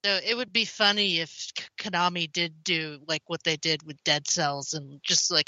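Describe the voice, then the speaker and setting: Woman, bright voice, offhand casual podcast chat, dry sound. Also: deep voice, fairly even intonation, normal speed, hardly any pauses, no room sound, low-quality recording. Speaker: podcast co-host.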